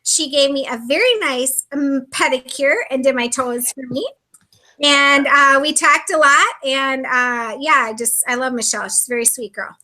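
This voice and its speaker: A woman from Minnesota, a reality show contestant, chatting casually in an interview and telling stories in a lively way with frequent laughter. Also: sits high, moderate pace. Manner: lively storyteller, laughs often.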